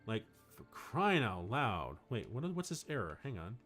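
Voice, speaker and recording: A man livestreaming, chatting casually with his viewers in a rambling, excitable way, full of fillers. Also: on the low side, a little slow, faint music behind. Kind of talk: casual chat to a live chat.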